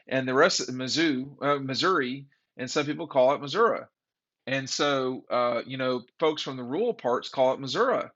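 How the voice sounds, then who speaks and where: Speaking at a medium pitch with a fairly bright tone, a male sports commentary host gives a rambling, irritated take in a casual monologue. The recording is dull and lo-fi.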